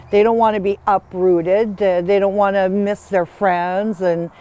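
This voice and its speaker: A sixty-something woman who runs a pig sanctuary speaks slowly in a steady, mid-range voice. Talking casually outdoors on a farm for a documentary, she comes across as soft, heartfelt, and emotional.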